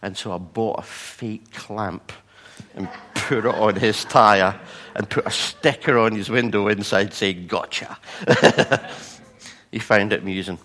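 A pastor with a lowish voice speaks at a measured pace, weaving personal stories into his sermon. He acts out the people he quotes with animated voices.

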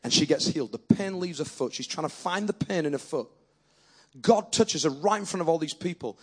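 A man preaching a sermon, telling a story and then building up to forceful, animated preaching. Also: fairly high pitch, a little fast, breathy edge.

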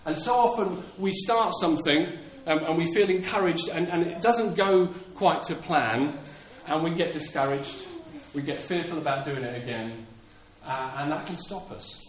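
A man's voice: a little high, moderate pace, few pauses. A man preaching a sermon in an earnest way, often repeating words and acting out the lines he quotes. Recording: echoey room with faint ambience.

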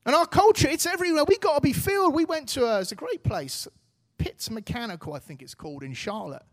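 High-voiced man preaching earnestly. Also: animated, fast. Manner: earnest, exhorting, casual phrasing. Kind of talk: sermon.

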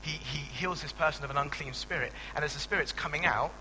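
A young man, a pastor giving a conversational sermon with animated asides and frequent restarts. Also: on the high side, fast talker, long reverb tail, background noise. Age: young adult.

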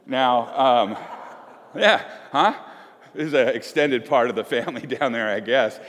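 A middle-aged man preaching a sermon, telling a family story and acting out the quotes in lively voices. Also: medium pitch, measured pace. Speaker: pastor. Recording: long hall reverb.

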